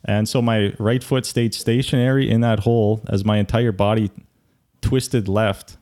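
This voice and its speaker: A young man chatting casually with a friend, telling a story with lively detail and frequent laughter. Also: fairly low pitch, moderate pace. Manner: animated storyteller, laughs often.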